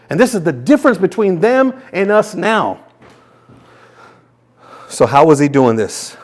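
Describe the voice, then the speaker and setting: A pastor preaches a sermon with passion, frequently repeating words and starting over, while reading scripture very slowly and softly. His voice is a little high and swings widely in pitch.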